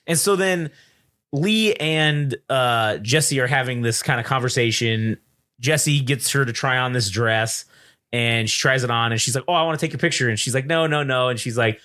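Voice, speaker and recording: A man's voice: mid-range voice, moderate pace, pushed and bright. A man co-hosting a casual film review chat, animatedly retelling scenes and acting out the characters' lines, with frequent swearing. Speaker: podcast co-host.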